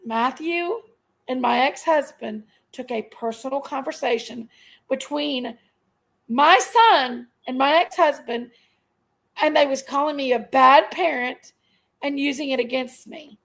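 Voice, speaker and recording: Middle-aged woman, high and gravelly, emphatic aggrieved live-stream rant. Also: a little slow, a bit bright, low-quality recording. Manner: aggrieved, emphatic venting, repeats herself. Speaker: livestream host.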